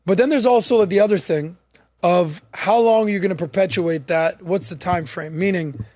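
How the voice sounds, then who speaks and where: A man hosting a casual podcast, telling a story in an animated way and acting out the quotes. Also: sits high, moderate pace, dry recording. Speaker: podcast host.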